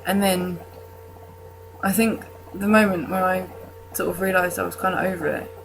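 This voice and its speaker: A woman's voice: fairly low pitch, level tone, normal speed, background noise. A young woman from the UK talking casually to camera in her vlog, rambling with fillers and restarts and self-mocking jokes. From United Kingdom. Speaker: vlogger.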